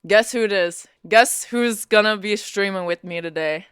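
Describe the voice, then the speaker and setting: Speaking into Bluetooth headphones, a young woman with a medium-pitched, somewhat bright, clear, resonant voice chats casually with her stream viewers at a moderate pace. She teases playfully and laughs a lot, and the recording is dry and studio-clean.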